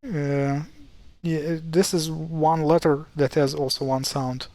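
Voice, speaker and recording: Wry man explaining pronunciation, slightly high voice. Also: little pitch movement, a little slow, few pauses, a little mellow, dry recording. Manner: wry, mildly exasperated, many fillers and restarts. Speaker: language explainer. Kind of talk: casual screen-share tutorial.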